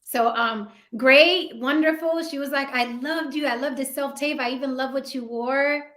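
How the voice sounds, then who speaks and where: Bright, expressive woman host. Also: sits high, normal speed. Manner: expressive, candid, laughs often. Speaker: show host. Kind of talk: casual interview chat.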